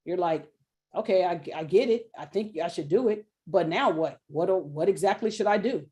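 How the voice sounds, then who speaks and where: A middle-aged woman runs a casual sales webinar with a mellow, relaxed voice. She talks in a chatty, colloquial way and slips into little acted-out quotes of other people. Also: fairly low pitch, moderate pace, husky. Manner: chatty and animated, acts out quoted voices, laughs often; informal, colloquial phrasing. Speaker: webinar presenter selling an NFT course.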